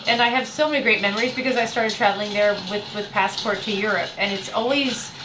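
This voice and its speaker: A woman's voice: medium pitch, fast, noisy background. Middle-aged American woman, travel host, casual rambling livestream talk, roomy echo. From United States. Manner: chatty and rambling, with fillers and self-deprecating laughs.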